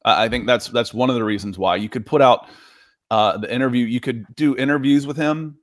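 A man co-hosting a casual sports talk show, giving animated opinions with frequent restarts. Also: medium pitch, a little fast, no room sound, clean studio sound. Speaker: sports talk co-host and writer.

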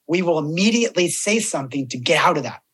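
A man's voice: a little high, fast talker, husky. A man who works as a death doula, chatting as a podcast guest and acting out the voices in his stories. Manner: animated storyteller, acts out quoted voices. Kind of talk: casual podcast chat.

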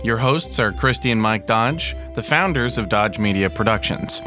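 A man reading a scripted podcast introduction in an even announcing tone. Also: lowish voice, moderate pace, over music.

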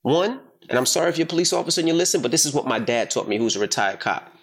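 A middle-aged man hosting a casual podcast chat, telling a story in an emphatic, profane, animated way. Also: medium pitch, very fast, gravelly, husky. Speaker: podcast host.

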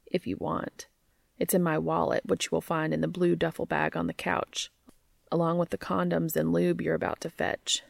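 Woman voicing a sleepy grown man, low drowsy deadpan, gravelly, dry close sound. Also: normal speed, no room sound. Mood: dry, tender.

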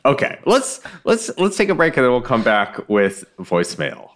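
A man's voice: mid-range voice, huge pitch swings, normal speed, a bit bright. A man co-hosting a podcast in casual chat, rambling with restarts and laughing often. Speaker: podcast co-host.

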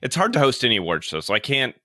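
A man's voice: medium pitch, big pitch swings, rapid-fire, sharp tone, no echo, clean studio sound. A man co-hosting a casual chat show, recapping award show moments in a rambling way. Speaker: co-host.

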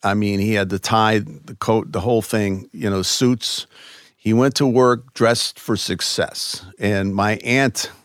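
A man from Chicago, a guest in an interview, telling stories in a loose, animated way with many fillers. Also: fairly low pitch, takes it slowly, dry recording, clean studio sound. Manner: animated, lots of "you know" fillers. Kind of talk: conversational interview storytelling.

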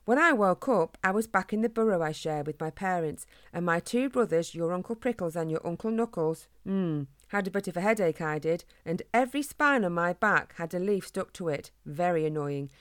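A woman's voice: lowish voice, expressive, normal speed, hardly any pauses, no room sound, clean studio sound, close to an everyday voice. A woman voicing a kindly father hedgehog who tells old stories in a chatty, folksy way. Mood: fond.

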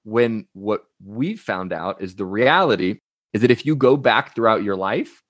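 A man's voice: on the low side, a little slow, no room sound. A young man, a coach, talking casually as an interview guest, telling stories and acting out quotes with energy. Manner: energetic storyteller, uses anecdotes and acted-out quotes.

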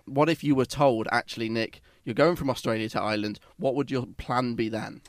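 A man's voice: medium pitch, steady tone, fairly quick, dry recording, clean studio sound. A young British man hosting a casual chat, friendly and chatty, steering with questions. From United Kingdom. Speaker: host.

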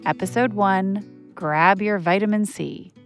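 A woman's voice: medium pitch, measured pace, faint music behind. A woman journalist telling a personal story as a podcast narrator, candid and conversational with frequent "like" fillers.

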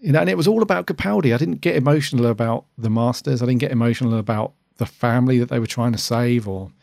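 A man's voice: medium pitch, quick pace, vocal fry, a little mellow, dry recording, studio quality. A man co-hosting a casual podcast review, talking earnestly and at length about what moved him. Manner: earnest, emotional, rambling. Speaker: podcast co-host.

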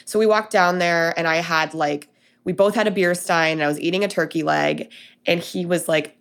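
A woman's voice: on the low side, steady tone, normal speed, smooth. A young woman from Denver, chatting casually and telling a personal story with lots of fillers and acted-out dialogue. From Denver, USA. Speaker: guest telling her story.

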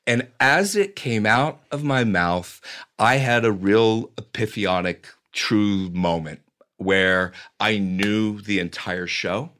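Lively storytelling man, low voice. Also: slow. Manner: lively narrator with frequent restarts. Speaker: guest. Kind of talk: animated personal storytelling.

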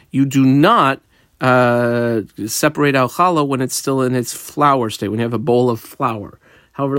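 A man's voice: mid-range voice, dry recording. A man teaching a Talmud page, reading Aramaic phrases and translating them into casual English with frequent fillers. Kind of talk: daf yomi lesson.

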